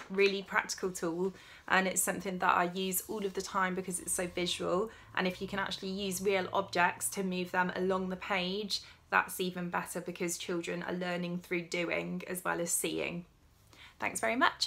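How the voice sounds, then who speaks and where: A woman speech therapist, giving a gentle teaching demonstration and sounding out words deliberately, syllable by syllable. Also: lowish voice, fairly even intonation, gravelly. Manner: encouraging, gentle instruction. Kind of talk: slow, clear teaching demonstration.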